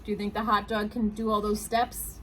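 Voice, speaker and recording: A woman, a children's librarian, reading picture books aloud at a storytime, animated and asking her young listeners questions. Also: medium pitch, normal speed, slight background noise, low-quality recording.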